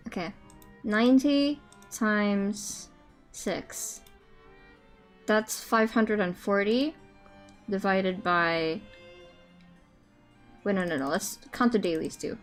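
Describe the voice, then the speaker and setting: A woman live-streaming a game, chatting casually, with loud swearing outbursts and quiet muttered sums. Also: medium pitch. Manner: excitable, loud outbursts and swearing, then muttering math to herself.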